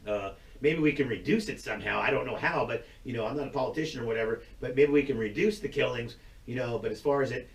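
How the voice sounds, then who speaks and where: A man's voice: mid-range voice, recorded from a distance. A man hosting his own video channel, ranting bluntly and profanely in a rambling, casual way with frequent laughs. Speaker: YouTube channel host. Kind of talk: casual rant to camera. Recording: roomy sound, voice away from the mic.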